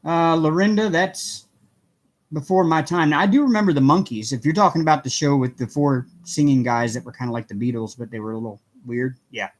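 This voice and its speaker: A man's voice: fairly high pitch, fairly quick. Chatty middle-aged man greeting viewers. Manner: chatty, greets viewers by name, laughs often. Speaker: livestream host. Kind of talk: casual livestream chat. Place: at home.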